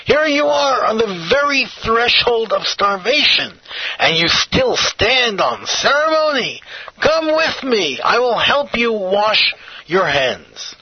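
A man's voice: high voice, big pitch swings, slow pace, breathy edge, no echo, full character voice. A man voicing a cunning male stranger who tempts with mocking, persuasive questions. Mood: coaxing. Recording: dull lo-fi recording.

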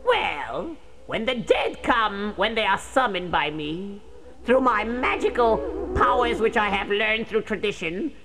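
A woman voicing a fearful, suspicious witch who summons the dead, gasping and shrieking her lines over loud background music. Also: on the high side, heavily acted. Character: frantic fearful female witch, a medium.

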